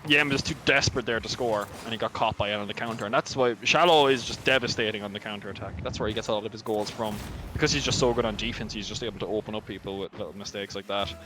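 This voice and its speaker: An Irish man breaks down an esports match in rapid, chatty color commentary, his voice sitting low. His talk is loose and full of fillers. A noisy background runs under the recording. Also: pushed and bright. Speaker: esports analyst.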